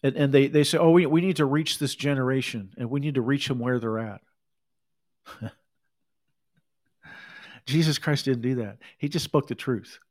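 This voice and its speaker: Preaching in a mid-range voice, a middle-aged pastor alternates between reading scripture and stepping aside for conversational remarks and quick, performed quotes.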